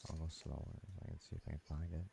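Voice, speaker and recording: A man's voice: extremely low pitch, little pitch movement, racing, gravelly, very noisy. A man streaming from home, chatting casually and laughing between sentences as he tells a story. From United States. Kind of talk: casual storytelling while gaming.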